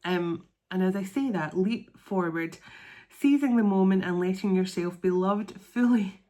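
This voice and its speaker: A tarot card reader gives her viewers an intuitive reading in a mid-range voice at a measured pace. She speaks softly, earnestly, and with open emotion, drawing out words as she reads the cards.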